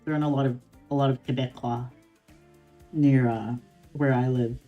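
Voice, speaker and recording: A woman's voice: a bass voice, fairly even intonation, moderate pace, dull audio, faint music behind. A woman streamer reading a game story aloud on stream, reacting with playful giggles.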